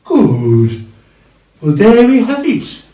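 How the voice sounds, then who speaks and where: A man's voice: high-pitched, huge pitch swings, mellow, far from the mic. Chatty man in an echoey room. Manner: chatty, halting, with fillers and restarts. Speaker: cosplayer, video host. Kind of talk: casual costume walkthrough.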